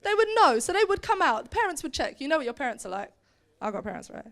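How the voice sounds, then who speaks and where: A woman's voice: high voice, fast, creaky. A woman leading a seminar, telling a Bible story to a group and acting out the characters. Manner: animated, acts out characters with put-on voices. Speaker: seminar speaker. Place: meeting hall or seminar room.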